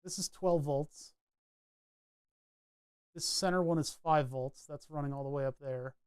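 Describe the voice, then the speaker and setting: A man's voice: fairly high pitch, a little slow, darkish tone, clear, resonant tone, dry recording, studio quality. A man chatting casually as he solders a circuit board, rambling and narrating each step of his work. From New England. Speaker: electronics hobbyist streamer. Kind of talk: casual talk while soldering.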